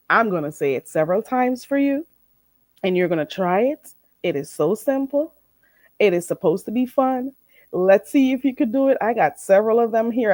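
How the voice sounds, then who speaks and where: A livestream host with a medium-pitched, somewhat dark voice teaches her viewers phrases, chatting casually and teasing them playfully. She demonstrates each phrase slowly and drawn-out, and the recording is dry with clean studio sound.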